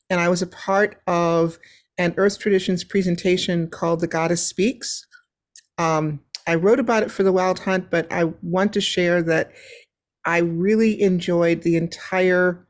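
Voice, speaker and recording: A woman's voice: on the low side, darkish tone. A woman speaking as a panelist on a video call, chatty and rambling, with frequent ums. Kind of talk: casual conversational sharing on a video call panel. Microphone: video call microphone.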